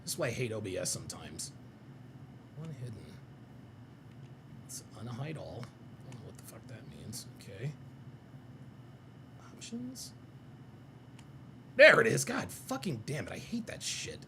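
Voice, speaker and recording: A man's voice: medium pitch, very animated, a little slow, pauses often, noisy background. A man giving casual, profane reaction commentary while playing clips, mocking what he hears. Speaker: reaction streamer.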